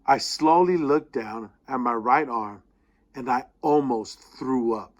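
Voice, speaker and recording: A man reading a student's personal essay aloud, with expressive storytelling that slows down at the tense moments. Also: medium pitch, highs cut off.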